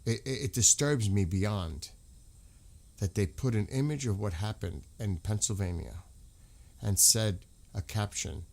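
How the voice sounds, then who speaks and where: An American man hosts a livestream in a fairly low, creaky voice with a darkish tone, speaking at a measured pace. His casual talk is heated and repetitive, and he swears often.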